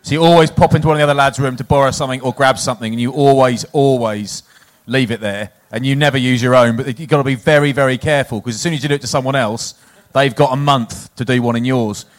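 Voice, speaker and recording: A former rugby player co-hosting a casual chat, telling jokey stories about tour pranks. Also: male voice, medium pitch, quick pace. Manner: lively storyteller, jokey.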